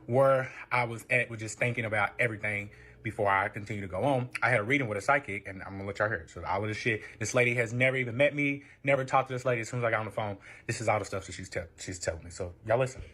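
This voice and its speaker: A man with a lowish, sharp-toned voice rattles off a personal relationship story at rapid-fire speed. He tells it casually, rambling and swearing, full of fillers as he acts out other people's lines.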